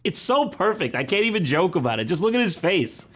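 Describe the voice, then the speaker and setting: A man's voice: high voice, big pitch swings, fairly quick, hardly any pauses, a bit bright. Sarcastic man mocking a dating show. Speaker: commentator reacting to a dating show. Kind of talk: comedic reaction commentary.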